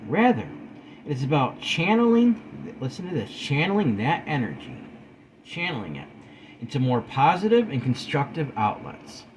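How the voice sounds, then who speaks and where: A man at a middle pitch reads his own written piece to viewers, phrase by phrase, with lively swings in his intonation. He keeps stepping out of the text for casual asides. Faint noise sits under the recording. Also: low-quality recording. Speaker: channel host. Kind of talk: reading his own article aloud with asides.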